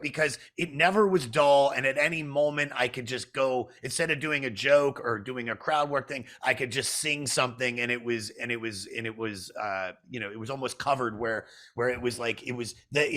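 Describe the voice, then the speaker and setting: A man's voice: medium pitch, bright, forceful tone. A man hosting a podcast in a casual chat. He laughs easily and talks in a loose, friendly way. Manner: chatty, laughs easily, says "dude". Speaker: podcast host.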